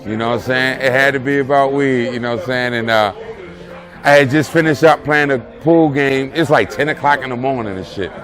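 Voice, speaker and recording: A man's voice: mid-range voice, fairly quick. A man, a close friend giving a rambling, streetwise spoken tribute. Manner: loose, rambling, streetwise talk with many "you know what I'm saying". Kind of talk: casual spoken memories. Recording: music and crowd chatter behind.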